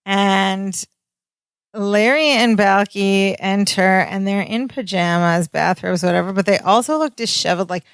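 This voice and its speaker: A woman's voice: mid-range voice, unhurried, smooth, no room sound, studio quality. A woman co-hosting a podcast, narrating sitcom scenes step by step and quoting the characters. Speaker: podcast co-host. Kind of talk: casual chat recapping a sitcom.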